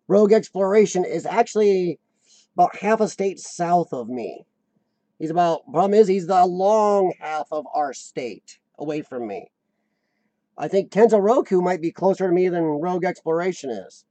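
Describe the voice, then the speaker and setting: A man hosting a casual live chat, rambling and answering viewers, his voice a little rough from lung trouble. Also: high-pitched, expressive, moderate pace, mellow, no room sound. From United States. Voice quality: slightly rough voice from lung problems. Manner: rambling, chatty, laughs often, answers viewers by name. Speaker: livestream host.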